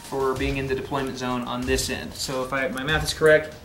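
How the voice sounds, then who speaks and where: A man's voice: medium pitch, flat delivery, brisk. Guy adding up points after a tabletop game, lots of uhs, roomy echo, music going. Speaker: wargame player. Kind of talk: casual post-game chat.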